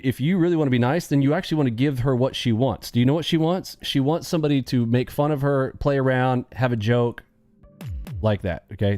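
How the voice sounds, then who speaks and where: Joking live-stream host, male, mellow dark voice, faint music behind. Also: mid-range voice, no echo. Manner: joking, animated, acts out quick bits of dialogue. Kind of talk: casual live-stream chat.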